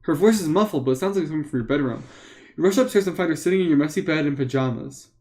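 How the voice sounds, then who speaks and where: A man's voice: on the high side, rapid-fire, darkish tone. A man reading an interactive book aloud live for friends, playful with joking asides.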